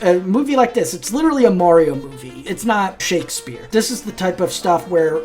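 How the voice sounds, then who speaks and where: A woman's voice: fairly low pitch, a little mellow. A woman hosting a casual commentary video, giving her opinions in a chatty, opinionated way and often restarting her sentences.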